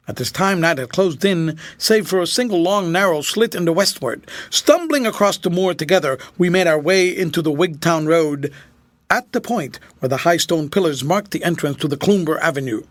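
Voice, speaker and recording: A man narrates a classic mystery novel with a higher, lively voice that rises and falls a great deal. The read is close and dry, with no room echo at all. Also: moderate pace. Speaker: audiobook narrator.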